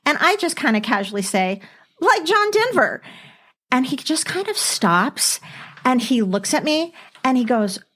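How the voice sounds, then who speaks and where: Animated woman podcast host telling stories. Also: on the high side, normal speed. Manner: animated storyteller, laughing often. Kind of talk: casual chat.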